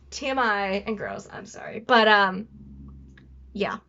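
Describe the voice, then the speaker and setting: A woman's voice: mid-range voice, sing-song, slow, pushed and bright. A woman vlogger telling a personal story to camera in a rambling, apologetic way, often stuttering and restarting. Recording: dull lo-fi recording.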